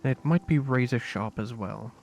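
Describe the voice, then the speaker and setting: A man voicing a mysterious ancient spirit, reading game dialogue in a quiet, hesitant, halting way over game music. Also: medium pitch, gravelly, slight background noise, close to an everyday voice. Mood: hushed, hesitant.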